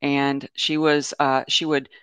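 A man's voice: mid-range voice, flat delivery, takes it slowly, fairly bright tone, smooth, no echo. A man presenting an informal webinar talk about animals, telling stories in a meandering way that often corrects itself and leans on fillers. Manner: meandering, self-correcting storytelling with many fillers.

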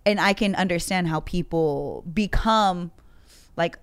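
A woman co-hosting a podcast in casual chat, from the Bay Area, telling stories with quick asides. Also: lowish voice, clean tone, no echo. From San Francisco Bay Area. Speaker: podcast co-host.

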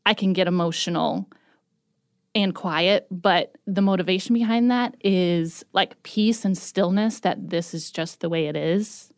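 Low-voiced woman, thoughtful and measured. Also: clean tone, no echo, studio quality. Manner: thoughtful, measured, openly emotional. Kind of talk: reflective casual conversation.

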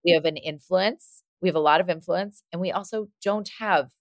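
A woman's voice: fairly low pitch, moderate pace, no echo, clean studio sound. A woman hosting a podcast, talking in a thoughtful, casual way and circling back to restate her points. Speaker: podcast host and psychologist. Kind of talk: casual conversational podcast discussion.

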